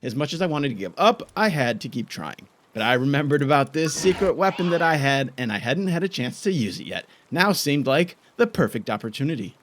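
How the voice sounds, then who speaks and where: A man giving frantic live gameplay commentary, exclaiming and frustrated, later calmly narrating. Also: medium pitch, brisk, few pauses, slight background noise. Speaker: gaming YouTuber.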